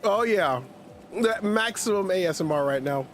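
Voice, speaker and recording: Man, game stream host, high voice, swooping animated delivery, casual chat, faint noise behind. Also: normal speed. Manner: animated, laughs often, talks while munching. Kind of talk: casual livestream gameplay chat. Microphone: streaming mic.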